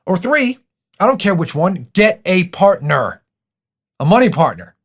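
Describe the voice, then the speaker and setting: Male podcast host, pep-talk delivery, animated pitch, talks straight to the listener. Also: normal speed, husky. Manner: emphatic, coaching, direct address.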